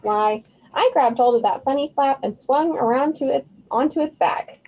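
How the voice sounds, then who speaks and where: Woman reading as a brisk, stern older magic mentor. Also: sits high, highs cut off, pitched above the performer's own voice. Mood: storytelling. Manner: brisk, commanding.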